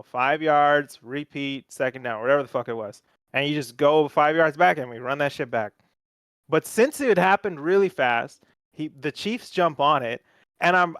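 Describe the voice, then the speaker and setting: Profane, animated young man on a podcast. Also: on the high side, no room sound. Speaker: podcast host. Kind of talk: casual sports chat.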